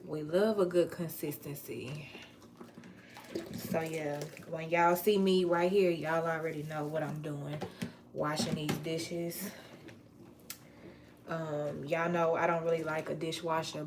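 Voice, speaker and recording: Woman, low voice, casual livestream chat, easygoing home kitchen feel. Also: steady tone, noisy background. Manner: chatty, playful, drawn-out words, Southern US slang. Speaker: vlogger.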